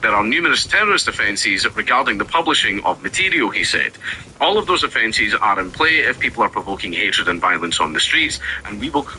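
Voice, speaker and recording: A man's voice: lowish voice, bright, forceful tone, slight background noise, rough recording. A man giving sarcastic, ranting commentary, reading news aloud and then mocking it. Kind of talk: ranting commentary over gameplay.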